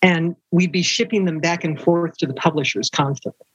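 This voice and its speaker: Her voice low and husky, an older romance author speaks briskly while recounting stories during an interview. She animatedly performs the voices of people she quotes. There's no echo, but the high frequencies are cut off.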